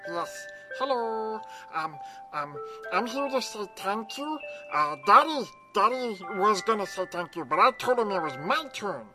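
A woman's voice: mid-range voice, very animated, unhurried, over music, low-quality recording. A woman voicing an eager little girl character who talks in a childlike, giggly, repetitive way. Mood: giddy.

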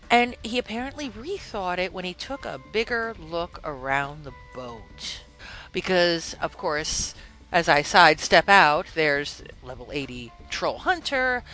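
A woman hosting a podcast, telling a story in a casual, animated way and acting out the quotes in different voices. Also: medium pitch, rough recording. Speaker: podcast host.

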